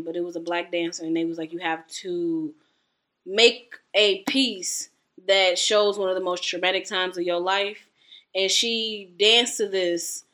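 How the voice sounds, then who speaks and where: A woman's voice: on the low side, fairly bright tone. A young woman co-hosting a casual chat, telling stories with a lot of laughter. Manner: chatty storyteller, laughs often.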